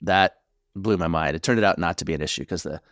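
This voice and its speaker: A middle-aged man, a marriage therapist co-hosting a podcast, talking in a reflective, halting way with many restarts. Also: low-pitched, a bit bright, no room sound. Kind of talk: casual conversational podcast chat.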